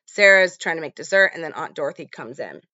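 Chatty woman, bright and dry. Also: deep voice, lively intonation, fast talker, no room sound, muffled recording. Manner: chatty, many fillers. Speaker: podcast host. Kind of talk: casual film recap.

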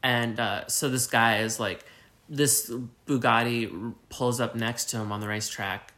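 A man's voice: mid-range voice, steady tone, a little slow, pushed and bright. Rambling man retelling a story. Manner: rambling, filler-heavy, jokey. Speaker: podcast co-host. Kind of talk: casual recap chat.

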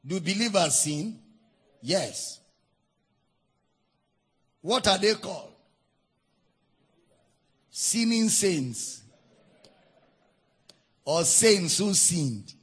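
A man with a Nigerian accent preaching a sermon, teaching with deliberate emphasis and spelling out words. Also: sits high, expressive, slightly rough. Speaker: pastor.

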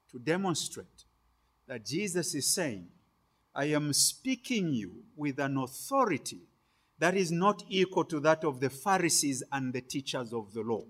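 A man preaching a sermon, delivering it phrase by phrase with sudden loud stresses on key words. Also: on the high side.

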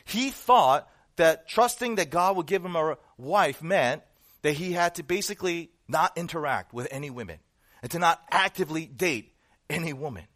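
A man's voice: a little high, expressive, moderate pace, fairly bright tone. A male pastor preaching a sermon, emphatic and full of rhetorical questions and repetition.

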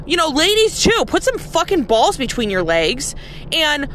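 A woman's voice: high voice, sing-song, measured pace, fairly bright tone, slight background noise. A woman who works as a nurse, ranting in a casual, blunt and profane way, with heavy sarcasm. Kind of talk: casual rant to camera.

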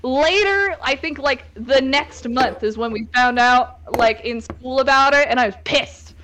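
A woman's voice: high voice, unhurried, fairly bright tone, a little hiss or hum. A young woman hosting a casual group chat, candidly telling a story with lots of laughs and swearing. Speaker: host.

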